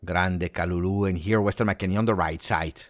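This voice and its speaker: Guy doing live match play-by-play, kinda low voice, gets excited and shouty. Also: moderate pace. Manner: excitable play-by-play with Italian exclamations. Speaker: football watch-along streamer. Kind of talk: live match reaction commentary.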